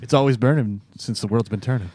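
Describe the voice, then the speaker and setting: A man co-hosting a podcast from a studio, chiming in quickly with agreement and jokes. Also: mid-range voice, a little mellow, slight background noise. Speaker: podcast co-host. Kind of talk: casual podcast chat. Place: radio studio.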